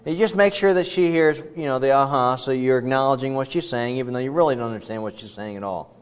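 A male preacher working through scripture in a relaxed, conversational way, wandering into asides before returning to his point. His voice sits at a middling pitch. The recording sounds dull and lo-fi. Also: quick pace, clear, resonant tone. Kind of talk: expository sermon.

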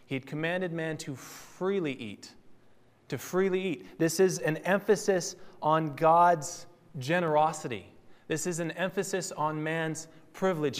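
A man teaching a sermon in a conversational, teacherly way, with fillers and self-corrections. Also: a little high. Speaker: Bible teacher. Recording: long hall reverb.

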